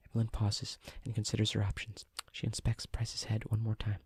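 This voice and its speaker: A man reading a novel aloud as a whispered role-play, in a hushed, even manner. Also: on the low side, fairly quick, hardly any pauses, husky, no room sound. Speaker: audiobook reader.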